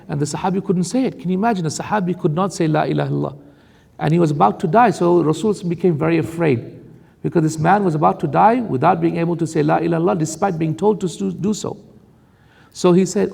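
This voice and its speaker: A man's voice: on the high side, fast, creaky, darkish tone, big-room sound. A man preaching a sermon on Quran commentary, warning his audience emphatically and reciting Arabic verses between explanations.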